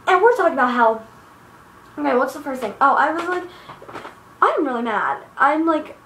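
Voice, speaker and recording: A teenage girl rants with profane exasperation in a bright, high voice. She rambles from point to point, recorded on a handheld device's built-in mic in an echoey room. A faint hiss sits under her voice. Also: animated, normal speed. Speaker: vlogger. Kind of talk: angry personal rant. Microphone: iPod built-in mic.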